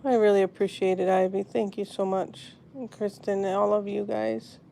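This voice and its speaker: A woman hosting a live stream from her phone, talking softly and sadly to viewers in the chat. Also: medium pitch, level tone, moderate pace, gravelly, a little hiss or hum. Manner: soft, grieving, answering chat comments. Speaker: pet channel host.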